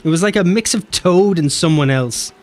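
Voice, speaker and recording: A man with an Irish accent, chatting playfully on a game live stream and jumping between deep and high voices. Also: moderate pace, soft background music. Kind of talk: casual live-stream chat.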